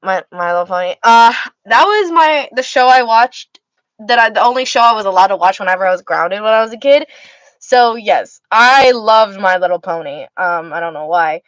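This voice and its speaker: A woman's voice: medium pitch, expressive, moderate pace, a bit bright, no room sound, rough recording. A tired young woman hosting a livestream, chatting casually and rambling with many restarts as she answers her chat. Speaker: livestream host reading chat.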